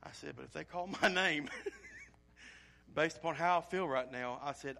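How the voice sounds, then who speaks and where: An earnest man in the pulpit with a voice that sits a little high. He tells his story with feeling and acts out the asides himself, then moves into preaching. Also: a little slow, vocal fry, long pauses. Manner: animated storytelling with acted-out asides; emotional, earnest. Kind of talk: sermon with a personal story.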